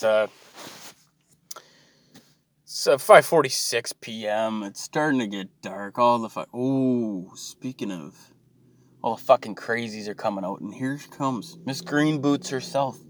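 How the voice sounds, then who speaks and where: A man's voice: mid-range voice, no room sound. A man, ranting and swearing in a mocking, exasperated monologue to his viewers.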